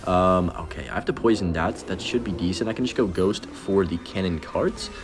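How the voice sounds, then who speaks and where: A young man giving casual, rambling commentary over his own gameplay, self-deprecating and reacting quickly to each play. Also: sits low. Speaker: gaming commentator.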